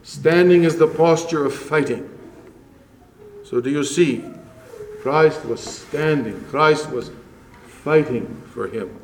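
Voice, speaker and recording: A man preaching a sermon to his congregation in slow, measured phrases, rising strongly on key words and dropping to a hush. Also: on the high side, reverberant, a little hiss or hum, low-quality recording. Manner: slow, measured preaching with dramatic rises and hushed drops. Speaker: pastor.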